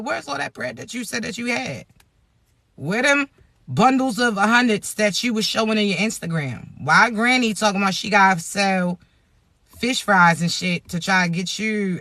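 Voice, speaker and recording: Woman, vlogger, bright sharp tone, dry close sound, blunt and profane, joking storyteller. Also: dry recording. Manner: profane and blunt, with long low "mm-mm" asides. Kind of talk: casual spiritual advice rant.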